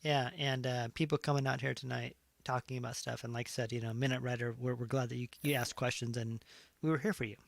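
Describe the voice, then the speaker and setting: A man's voice: medium pitch, fairly even intonation, fast talker, gravelly, no room sound. A man hosting a casual chat show, rambling with many fillers. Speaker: host.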